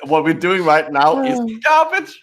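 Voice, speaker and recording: A man's voice: high voice, big pitch swings, a little slow, a crowd in the background. A man in a casual group chat, teasing and needling the others. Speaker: panelist in an online hangout.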